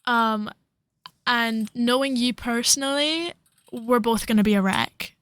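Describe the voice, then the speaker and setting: This young co-host talks unhurriedly in a fairly high, fairly bright voice, with no room sound around her. Her podcast chat is casual and rambling, packed with fillers.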